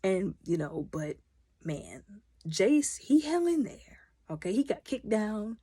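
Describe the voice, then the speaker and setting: A woman recapping a TV episode in casual, animated commentary, opinionated and talking back to the characters. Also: mid-range voice, takes it slowly, husky, no room sound, studio quality. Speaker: video recap host.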